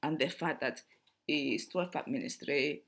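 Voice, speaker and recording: A woman's voice: low voice, unhurried, creaky. A middle-aged woman talking casually to camera as a vlogger, chatty, laughing often and restarting her sentences.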